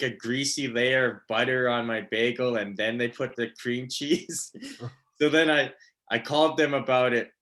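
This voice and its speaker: A man's voice: mid-range voice, pushed and bright. A man doing a stand-up comedy set, rambling with lots of fillers and laughing at his own jokes. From Canada.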